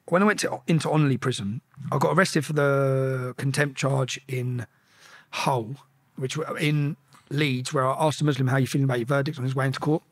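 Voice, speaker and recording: Fast-talking man telling a story. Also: medium pitch, fairly even intonation, slightly rough. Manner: swearing, restarts, acts out quoted exchanges. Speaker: podcast guest. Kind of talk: animated storytelling.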